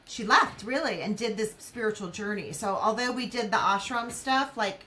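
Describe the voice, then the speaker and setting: Woman host, gentle and attentive interviewer; higher, bright, sharp-edged tone. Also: normal speed, rough recording. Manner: gentle, attentive, soft affirmations. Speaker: podcast host. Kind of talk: interview conversation.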